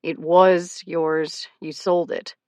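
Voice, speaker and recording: A woman's voice: sits low, little pitch movement, slow, a little mellow, clear, resonant tone, no room sound. A woman narrator voicing a charming, buzzed ex-husband in an audiobook, with an easygoing, teasing manner. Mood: defensive. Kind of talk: audiobook character voice.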